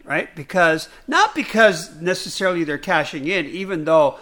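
A man co-hosting a podcast in casual chat, animated and rambling, with many restarts and fillers. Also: a little high, normal speed. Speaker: podcast co-host.

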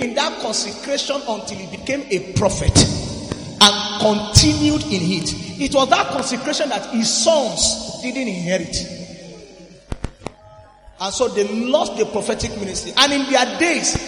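A man with a very high, bright, forceful voice preaches a sermon, calling out to the congregation and swinging between quiet asides and shouted emphasis. The sound carries a long, roomy reverb from a big hall, with faint music behind him. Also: animated, a little slow. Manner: emphatic, with frequent call-and-response to the congregation. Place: church service in a large hall.

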